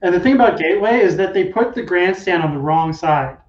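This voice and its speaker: A man in casual podcast chat, who talks in a measured way and explains things step by step. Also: high voice, expressive. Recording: distant, roomy, dull remote audio.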